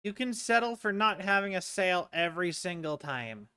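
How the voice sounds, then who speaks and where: Streamer with a bright, crisp voice. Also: medium pitch, animated, moderate pace, dry recording, studio quality. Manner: rambling, joking aside-talk. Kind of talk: casual gameplay chat.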